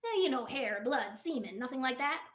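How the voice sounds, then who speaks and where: A lonely, easygoing pilot who makes offhand, deadpan remarks, as a woman reads him. The voice is high and lively, with a roomy echo. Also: normal speed. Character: laid-back lonely male pilot, dry humor.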